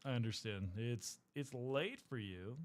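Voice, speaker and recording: A man's voice: mid-range voice, measured pace. A man streaming while painting miniatures, chatting casually with his viewers, rambling and swearing often. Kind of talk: casual live-stream chat.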